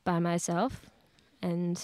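A woman's voice: on the low side, monotone, slow pace, a little mellow, dry recording. A woman in her late teens, a podcast guest, chatting casually with lots of fillers and laughs. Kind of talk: casual chat. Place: church studio.

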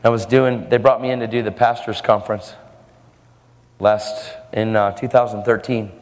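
A man's voice: lowish voice, level tone, moderate pace. A man preaching a sermon, telling a story in an earnest way and acting out the voices of the people in it. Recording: long hall reverb with faint music.

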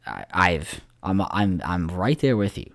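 A man's voice: low-pitched, big pitch swings, measured pace, gravelly, dry recording, clean studio sound. A man co-hosting a podcast, chatting casually about sports in a rambling, profane way full of filler words. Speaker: podcast co-host.

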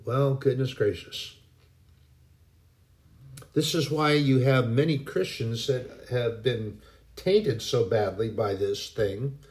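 A man giving a casual devotional talk in a folksy, rambling way, with many pauses and restarts. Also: mid-range voice. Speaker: Christian speaker.

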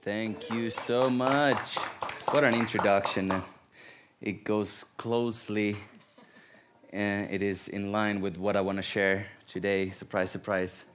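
A Finnish guest preacher with a Finnish accent tells personal stories, laughing often and coming across as animated and self-deprecating. His voice is lowish and slow, with a little hiss or hum on the recording.

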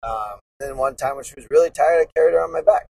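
A man's voice: medium pitch, fast, gravelly, mellow, far from the mic, poor audio. A man in his thirties hosting a podcast, talking earnestly and rambling in a casual, reflective monologue. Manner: earnest, rambling, with many restarts. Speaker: podcast host.

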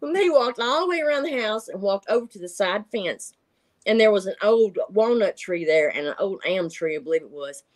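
A woman's voice: mid-range voice, lively intonation, brisk. A middle-aged woman, telling stories in casual chat, laughing often and acting out voices. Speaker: guest telling encounter stories.

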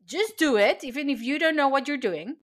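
A woman's voice: high voice, expressive, brisk. A woman hosting a podcast interview, encouraging and affirming her guests. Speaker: podcast host. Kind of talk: casual interview.

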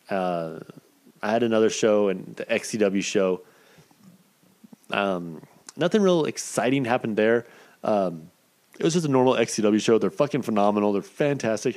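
A wrestling cameraman, a man in his thirties, shares a story in an easygoing, foul-mouthed way. His voice is animated, bouncing sharply up and down in pitch.

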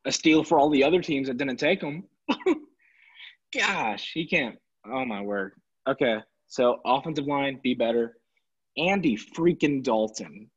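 Sarcastic ranting man, slightly husky. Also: mid-range voice, a little slow. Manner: exasperated, sarcastic, animated ranting. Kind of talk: casual sports rant. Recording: dull lo-fi recording.

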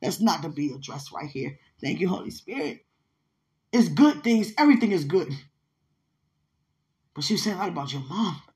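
A young woman speaking to her partner in an emotional, spiritual monologue. She sounds heartfelt and often tearful, and her voice swings between loud outbursts and hushed asides. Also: medium pitch.

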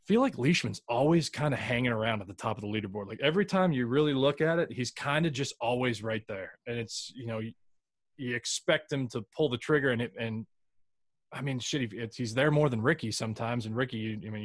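Casual male podcast host, loose and rambling, middle-pitched voice, dry close sound. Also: no echo. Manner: rambling, loose, with frequent restarts and mild swearing. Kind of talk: casual chat.

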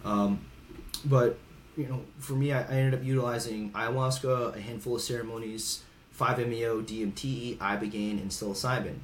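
A man from Hawaii in his thirties, well used to guesting on podcasts, speaks in a mid-range voice with a steady tone and moderate pace. He tells stories casually and frankly, with occasional swearing and acted-out quoted voices. The echoey recording has a little hiss or hum.

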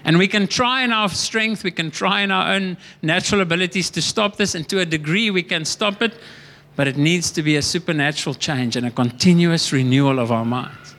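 A man's voice: fairly high pitch, fairly quick, a bit bright. A man preaching a sermon as pastor, earnest and emphatic, often repeating and restarting words.

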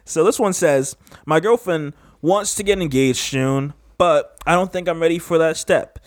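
A man's voice: fairly high pitch, normal speed, no echo, clean studio sound. A young man hosting a casual podcast, laid-back, laughing often and stumbling when he reads aloud. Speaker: podcast host.

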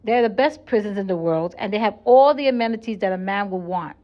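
A woman's voice: mid-range voice, a little fast, lo-fi sound, natural voice. A woman quoting a friendly, laid-back male taxi driver in a casual, matter-of-fact way.

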